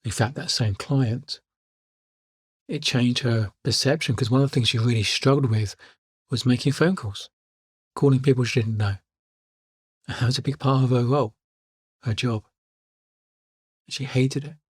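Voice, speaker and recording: A man who coaches people speaks in a calm, reflective way and comes back to his main points. His voice has a slightly husky grain at a middle pitch. The recording is close and dry, with no room sound. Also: moderate pace, long pauses, no room sound. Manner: calm storytelling, repeats key lines. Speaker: life coach. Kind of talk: reflective podcast monologue.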